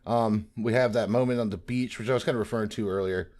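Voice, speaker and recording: A man chatting on a podcast, animatedly retelling scenes and slipping into quick character voices. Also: lowish voice, fairly even intonation, darkish tone. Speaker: podcast co-host. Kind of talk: casual podcast discussion.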